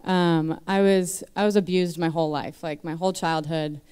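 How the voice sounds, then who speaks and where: A woman's voice: fairly low pitch, fairly even intonation, normal speed, darkish tone, smooth. A young woman in her twenties sharing a candid personal testimony on a church stage into a microphone, nervous and chatty with many fillers. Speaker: church member giving testimony.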